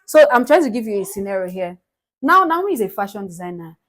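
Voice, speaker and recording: A Nigerian woman recapping a reality show in casual, animated gossip, laughing often. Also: medium pitch, fast talker. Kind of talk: casual chat.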